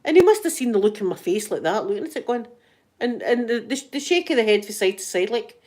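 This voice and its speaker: A middle-aged woman with a Glaswegian Scottish accent, telling stories in a lively, casual way and acting out both sides of each conversation. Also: on the high side, quick pace. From Scotland. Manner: animated, swears, acts out both sides of conversations. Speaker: ASMR vlogger. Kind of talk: casual storytelling chat.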